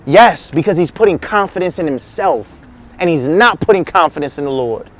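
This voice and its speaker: A man's voice: on the high side, animated, normal speed. A male teaching pastor giving a casual, slangy sermon, acting out the quotes he tells. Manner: slangy, conversational, acts out quotes.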